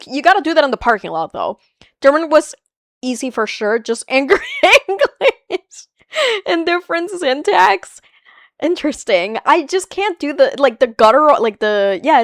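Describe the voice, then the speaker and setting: A woman streaming a video game, chatting casually with viewers, animated and playful, laughing often and swearing freely. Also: high-pitched, moderate pace, no room sound, clean studio sound. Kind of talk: casual live-stream chat reading viewer comments.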